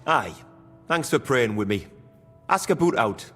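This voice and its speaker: An actor playing a gruff, grieving middle-aged mine foreman in a video game, speaking. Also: medium pitch, animated, a little slow, fairly bright tone, in a large hall, soft background music. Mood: explaining. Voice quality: broad dialect, earthy and blunt.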